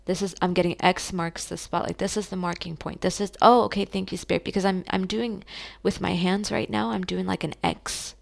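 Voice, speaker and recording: Gravelly low-voiced woman giving a psychic reading. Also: steady tone. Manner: soft, emotional, addresses listeners as beautiful souls; halting, many fillers and restarts. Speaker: psychic reader. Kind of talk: channeled tarot reading.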